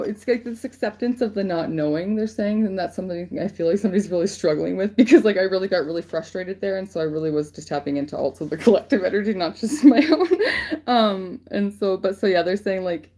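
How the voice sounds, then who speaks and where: A woman's voice: on the low side, quick pace, mellow. A woman giving casual spiritual guidance on a livestream, rambling and swearing freely with lots of fillers. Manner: rambling, profane, filler-heavy. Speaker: spiritual reader channeling guidance.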